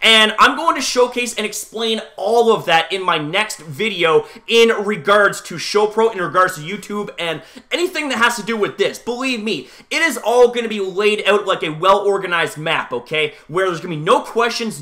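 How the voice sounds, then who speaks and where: A man's voice: high voice, expressive, normal speed, few pauses, sharp tone. A young man, a YouTuber, ranting angrily to his viewers, swearing often and repeating himself with lots of "like" and "you know". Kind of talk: angry vlog rant.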